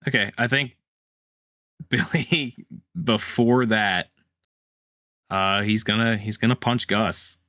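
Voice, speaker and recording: A man playing a tabletop game, thinking aloud in a halting, casual way. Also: fairly low pitch, steady tone, pushed and bright, dry recording, clean studio sound. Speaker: player.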